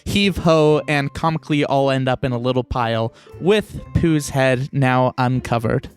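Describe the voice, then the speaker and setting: A man narrating as game master in a tabletop role-playing podcast, with slow, descriptive delivery. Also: mid-range voice, clean tone, soft background music.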